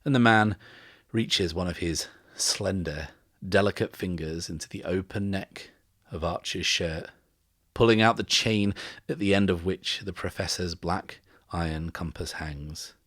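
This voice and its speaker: A male podcast host narrates a solo tabletop game in a relaxed, descriptive style. His voice is deep and unhurried, recorded close and dry with no room sound. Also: no room sound. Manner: relaxed, descriptive, uses fillers.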